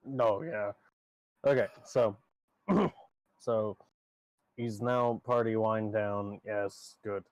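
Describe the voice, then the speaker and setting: A man's voice: on the low side, extremely slow, long pauses, no room sound, poor audio. A man narrating as game master in a tabletop game, rambling and laughing often.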